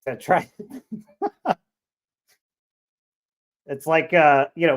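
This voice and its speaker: A man's voice: a little high, fairly even intonation, extremely slow, long pauses. A man from California with a Californian accent, hosting a casual livestream and joking his way through rambling commentary. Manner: rambling, joking, reads chat aloud. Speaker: livestream show host.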